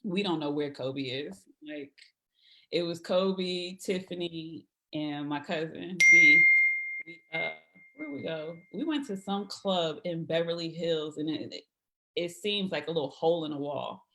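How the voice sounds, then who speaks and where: With a low voice and a slightly slow delivery, this woman shares lively stories as a podcast guest. She performs the voices of the people in her anecdotes, keeping the storytelling casual.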